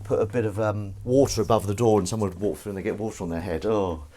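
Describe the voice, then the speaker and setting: A man hosting a casual live stream, rambling and self-mocking with sudden shouts while he does the washing up at home. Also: lowish voice, fairly even intonation, quick pace. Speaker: streamer host. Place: home kitchen, doing the washing up. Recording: clattering dishes and running water.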